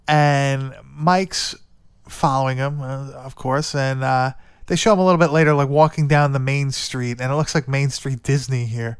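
Smooth-voiced man rambling through a movie recap. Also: mid-range voice, no echo, studio quality. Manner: rambling, swears often, lots of "like" and "dude". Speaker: podcast co-host. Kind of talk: casual movie recap chat.

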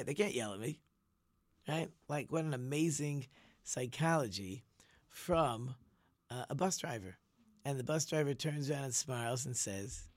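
A man telling a story in a casual talk, animated, repeating words and acting out the people in it. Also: mid-range voice, unhurried, no room sound, clean studio sound. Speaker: storyteller and teacher.

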